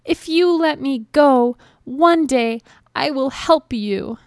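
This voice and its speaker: Squeaky high-pitched voice, a woman putting on a tiny timid mouse, earnest and pleading, storybook tale, unhurried delivery, dry close sound. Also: no echo. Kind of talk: storybook reading.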